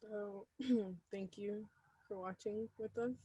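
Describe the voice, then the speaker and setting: A woman leading an online workshop in a relaxed, chatty way, with frequent ums. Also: mid-range voice, slightly rough, dry recording. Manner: relaxed and chatty, with many ums and a quick laugh. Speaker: workshop facilitator. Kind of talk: casual online workshop presentation.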